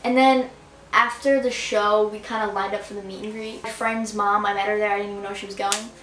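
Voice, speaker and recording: A teenage girl from the New area tells an excited, gushing story of meeting a singer, full of "like" and quick asides. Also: mid-range voice, distant mic, slight background noise. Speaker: vlogger. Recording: roomy and a bit off-mic.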